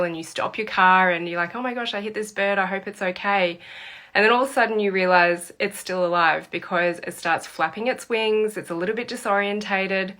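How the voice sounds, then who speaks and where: A woman's voice: medium pitch, sharp tone. A woman, a therapist and trainer, explaining emotional processes through an earnest story. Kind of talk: explanatory talk to camera.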